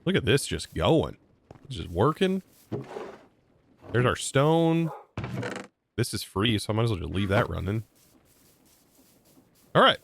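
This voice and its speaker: A man's voice: on the low side, sing-song, a little slow, gravelly, long pauses, a bit bright, a little hiss or hum. A man livestreaming a game, chatting casually to his viewers as he narrates each move he makes. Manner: chatty, narrates his moves and talks to chat. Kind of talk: live gameplay commentary.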